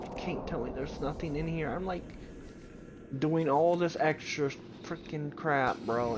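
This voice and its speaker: A man's voice: fairly high pitch, heavy background noise. Panicky man streaming a game. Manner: panicky, excitable, swearing at the game. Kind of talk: live gameplay commentary. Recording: loud game audio under the voice.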